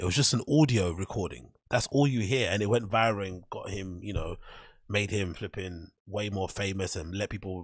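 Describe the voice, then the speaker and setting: Blunt husky male host. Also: on the low side, no room sound, studio quality. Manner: blunt, dismissive, says "cringe" a lot. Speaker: host reacting to clips. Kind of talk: casual commentary.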